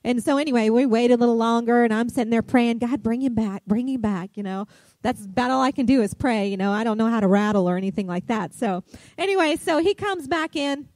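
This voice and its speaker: A middle-aged woman pastor, preaching a sermon and telling a chatty, animated story full of fillers. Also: on the high side, fairly quick, dry recording.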